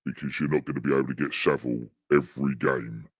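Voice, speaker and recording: A man putting on a slow, menacing, extremely deep voice through a voice changer during podcast banter. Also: fairly even intonation, slightly rough, no room sound, full character voice. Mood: gruff. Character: booming deep-voiced man, gruff and teasing. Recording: dull, muffled, dry.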